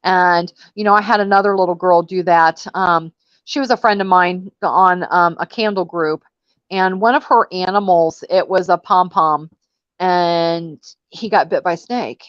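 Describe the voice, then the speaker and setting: A woman's voice: fairly low pitch, measured pace, smooth, no room sound, dull audio. A woman hosting a casual panel chat, telling stories in a chatty, exasperated way. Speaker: host.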